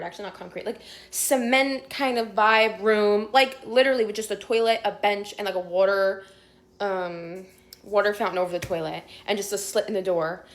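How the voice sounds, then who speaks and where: A young woman tells a casual storytime vlog in a mid-range voice, chatty and animated, packed with filler words, swearing and laughter.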